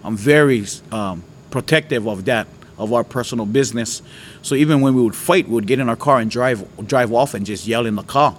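A man's voice: mid-range voice, a little fast, slight background noise. A man from Hawaii, telling a personal faith testimony in an earnest, conversational way.

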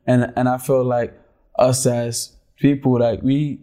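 A man's voice: medium pitch, takes it slowly. A man hosting a casual chat, telling stories animatedly and doubling up words as he gets going. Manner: animated storyteller, repeats words when excited.

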